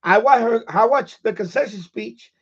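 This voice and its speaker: High-voiced, boisterous man streaming live. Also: moderate pace, a bit bright, slightly rough, lo-fi sound. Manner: boisterous, profane, laughs often. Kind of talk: casual live-stream chat.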